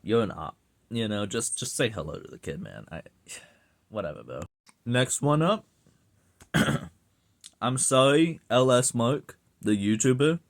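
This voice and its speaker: A man with a Southern US accent, rambling and swearing as he rants casually to the camera for his online video. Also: medium pitch. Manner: rambling, profane, laughs often. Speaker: YouTube commentator.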